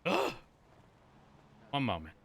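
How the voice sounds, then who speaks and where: A man's voice: medium pitch, wildly swooping pitch, slow, vocal fry, a bit bright, husky. Laid-back man who chuckles as he talks. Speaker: streamer playing a police officer. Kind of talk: casual in-character roleplay chat.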